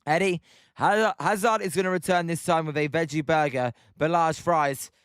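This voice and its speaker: A man's voice: on the high side, moderate pace, clear, resonant tone, dry recording. A young British man hosting a casual baseball watch-along stream, chatting to viewers and calling the plays with self-mocking humor. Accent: British English. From Britain. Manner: chatty, self-mocking, reads chat aloud. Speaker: livestream host watching baseball. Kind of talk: casual live-stream chat and play-by-play.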